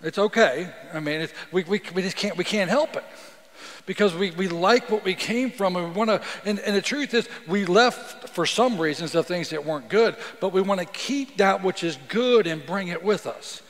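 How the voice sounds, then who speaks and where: A man's voice: high voice, normal speed, a bit bright. Rambling male pastor in a reverberant sanctuary. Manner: conversational, many restarts and repeated words. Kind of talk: sermon. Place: church sanctuary. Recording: long reverb of a church sanctuary.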